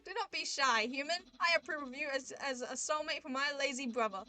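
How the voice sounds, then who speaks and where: A proud, earnest skeleton, put on by a woman, announces everything in grand, formal phrases. The voice sits high and sounds bright and sharp. It is a game character read aloud during a stream. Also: brisk, faint music behind. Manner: proud, eager declarations. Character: boastful, cheerful male skeleton, earnest and grand. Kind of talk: reading a visual novel aloud on a livestream.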